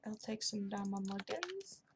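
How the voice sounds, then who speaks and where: A young woman chatting casually and excitedly while playing a video game. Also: mid-range voice, measured pace, background noise. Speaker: gaming YouTuber. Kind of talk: casual commentary over gameplay.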